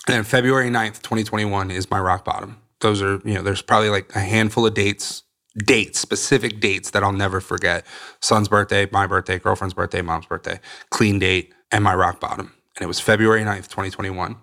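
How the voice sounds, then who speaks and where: A man's voice: lowish voice, steady tone, a little fast, creaky, bright, forceful tone. A young man, a podcast guest, candidly telling his recovery story in a blunt, swearing way and acting out the people he quotes.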